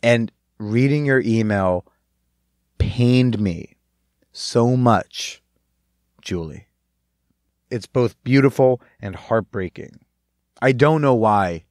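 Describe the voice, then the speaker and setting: A man's voice: lowish voice, dry recording, studio quality. A man hosting a podcast, responding to a listener's letter in an earnest, heartfelt way with casual swearing. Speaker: podcast host. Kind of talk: reading listener mail and responding.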